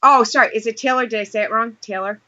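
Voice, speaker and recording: A chatty woman hosts a casual podcast interview with a fairly high voice and a playful, self-deprecating way of talking. Her audio sounds dull and muffled. A clear steady noise sits behind her. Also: quick pace. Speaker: podcast host.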